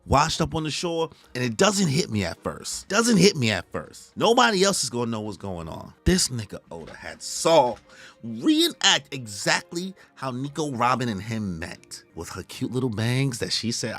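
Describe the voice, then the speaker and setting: Brief: male host recapping a story in a lively, slangy voice, mid-pitched. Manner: excitable, slangy, acts out character voices. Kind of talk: casual reaction commentary.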